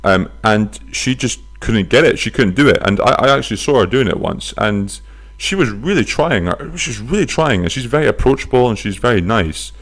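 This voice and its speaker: A man hosting his own podcast, chatting casually from his flat, telling stories with silly voices and some swearing. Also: on the low side, fairly quick. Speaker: podcast host. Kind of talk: casual solo podcast chat. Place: flat near a bus stop.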